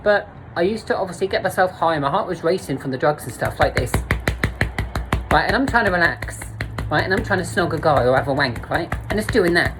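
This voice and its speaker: Woman vlogger, low-ish voice, blunt and sweary, laughing at herself, faint hum behind. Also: expressive, a little fast. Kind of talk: candid storytime monologue.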